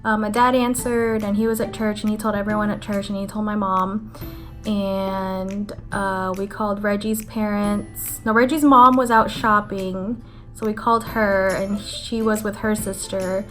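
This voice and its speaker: A young adult woman vlogging to camera, telling a story in a chatty, animated way with lots of "like" fillers. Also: medium pitch, a little slow. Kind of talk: casual chat to camera. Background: faint background music.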